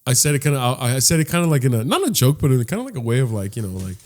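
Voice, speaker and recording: A young man on a casual comedy podcast, telling a long story from his school days. He talks loosely and jumps into the voices of the people in it, often rising high in pitch for the girls. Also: racing. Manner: animated, acts out voices in his stories. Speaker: podcast co-host.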